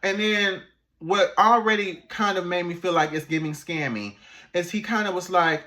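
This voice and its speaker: A man, an animator, telling a story in a casual, animated vlog, laughing and swearing as he goes. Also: high voice, moderate pace.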